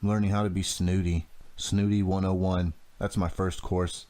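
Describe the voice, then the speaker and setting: Sarcastic, teasing teen girl with a mock-snooty edge, read by a deep-voiced man. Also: level tone, normal speed, mellow, close to an everyday voice.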